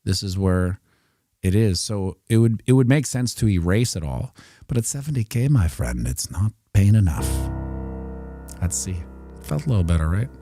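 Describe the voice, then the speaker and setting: A man's voice: fairly low pitch, sing-song, moderate pace, mellow, soft background music. A middle-aged man giving casual, rambling live commentary on market charts, joking and muttering asides to himself as he works. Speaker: crypto streamer.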